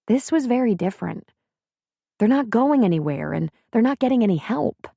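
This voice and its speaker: A woman's voice: a little high, lively intonation, moderate pace, vocal fry, warm tone, husky, no echo, studio quality, pitched above the performer's own voice, heavily acted. A woman voicing an earnest, candid young nurse from the city in an audiobook reading.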